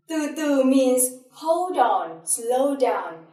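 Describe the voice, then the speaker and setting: Very slow-speaking Vietnamese-accented woman teacher. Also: high-pitched, big pitch swings. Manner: drawn-out demonstration of tones with repeated syllables. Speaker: language teacher. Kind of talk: slow, deliberate language lesson. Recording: echoey room, a bit far from mic.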